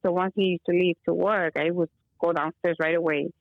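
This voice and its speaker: A woman's voice: fairly low pitch, fairly even intonation, fairly quick, creaky, no room sound, phone-quality sound. A woman guest on a call, telling a long story casually with many fillers and Spanish phrases mixed in. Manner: rambling, filler-heavy, mixes in Spanish phrases. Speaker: guest caller. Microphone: phone or video call.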